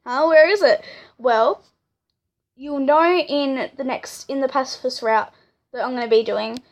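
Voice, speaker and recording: A woman's voice: sits high, unhurried. A young woman casually retelling a fan story she made, chatty and full of fillers.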